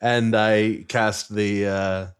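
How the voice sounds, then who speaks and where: A man's voice: lowish voice, little pitch movement, very slow, clear, resonant tone. A man playing a tabletop game, hesitant and thinking aloud. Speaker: player.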